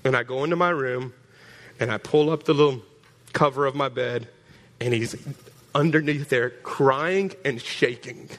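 A man preaching a storytelling sermon, animated, stumbling over repeated words and calling out to the congregation. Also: medium pitch, a little slow. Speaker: pastor.

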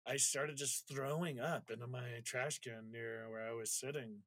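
A man's voice: mid-range voice, steady tone, measured pace, fairly bright tone, no room sound. A man in a casual conversation, telling a personal story candidly, swearing freely and getting emotional as he talks. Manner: reflective, gets emotional while recounting.

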